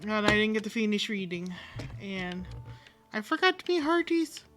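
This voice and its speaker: A woman giving casual, animated commentary while playing a video game, reading dialogue aloud and swearing now and then. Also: mid-range voice, moderate pace, music in the background. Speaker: game streamer. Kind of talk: casual let's-play commentary.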